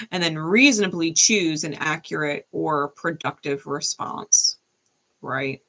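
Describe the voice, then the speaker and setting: Woman, tarot reader on a live stream, bright voice, casual and chatty, laughs easily. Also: sits low, measured pace. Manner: casual, chatty, laughs often, frequent "right?". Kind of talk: live-stream reading and chat.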